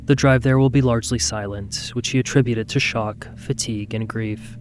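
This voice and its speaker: A man narrating a true-crime documentary in a measured, scripted way. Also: mid-range voice, steady tone, faint music behind.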